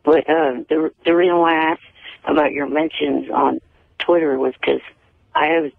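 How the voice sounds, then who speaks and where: Brief: male caller, slightly raised pitch, gravelly, stiff and stumbling, tinny phone line. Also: fairly even intonation, no room sound. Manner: halting, repeats words, stiff and earnest. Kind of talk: casual call-in chat.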